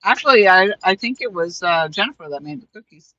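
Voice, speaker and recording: A woman's voice: lowish voice, lively intonation, a little fast, sharp tone, no room sound, dull audio. A woman hosting a live stream, chatting casually with viewers and friends and laughing often. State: talking with a mouth full of cookies.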